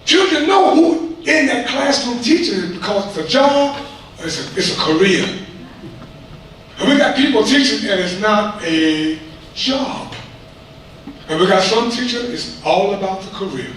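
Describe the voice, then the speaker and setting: A man speaks to a school board at public comment, impassioned and preachy, repeating himself in everyday language. His voice is high and a bit bright, animated, at a measured pace. The recording is distant in an echoey hall with faint noise.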